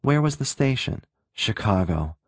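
A man narrating a story in a steady, measured reading voice. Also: mid-range voice, no echo, clean studio sound. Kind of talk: audiobook narration.

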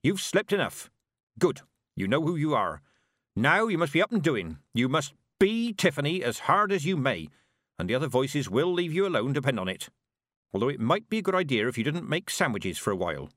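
A stern old witch who gives orders in a brisk, no-nonsense way, put on by a man reading a story. The voice sits higher than a plain male voice and swings up and down a lot. The sound is dry and close, with no room around it. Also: big pitch swings, a bit bright, dry recording.

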